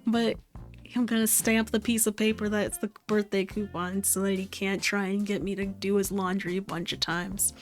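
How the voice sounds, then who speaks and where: A woman's voice: mid-range voice, flat delivery, moderate pace, soft background music. A woman streaming a game and chatting casually, rambling and amused with herself. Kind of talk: casual gaming stream chat.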